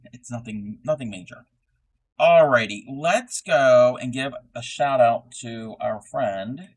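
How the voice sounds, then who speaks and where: A man at a mid pitch hosts a crafting live stream and chats as he crochets. He rambles in a low-key, unhurried way, full of "um"s and restarts, and thanks his viewers one by one. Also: poor audio. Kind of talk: casual live-stream chat.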